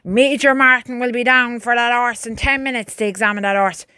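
A woman playing a booming army sergeant. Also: steady tone, brisk, pushed and bright, clear, resonant tone, no echo, clean studio sound. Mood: bossy. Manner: barking orders.

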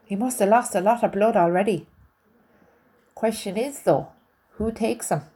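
A woman's voice: mid-range voice, moderate pace, warm tone, husky, close to an everyday voice. A woman reading aloud, voicing a kindly, down-to-earth soldier with a chatty, earnest manner. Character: kindly Welsh soldier man, warm, down-to-earth.

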